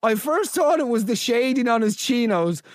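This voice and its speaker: A man hosting a comedy podcast, reading out listener stories with incredulous, animated energy. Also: extremely high pitch, normal speed, no echo, clean studio sound. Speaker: podcast host.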